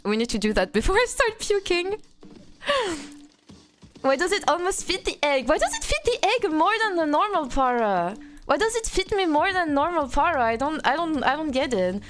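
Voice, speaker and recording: A woman from France with a French accent, chatting playfully with her live-stream audience and answering chat. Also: fairly high pitch.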